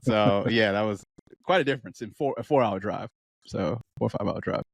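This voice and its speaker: A man from New York, a podcast guest chatting casually, animated, laughing often and acting out quoted voices. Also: lowish voice, a little fast, gravelly, no room sound. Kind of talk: casual chat.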